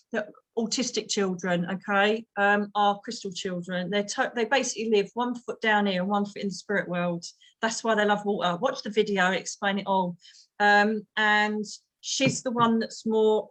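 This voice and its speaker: A woman's voice: medium pitch, a bit bright. A British woman giving a live reading over a video call, chatty, calling people darling and swearing mildly. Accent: British English. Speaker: psychic medium.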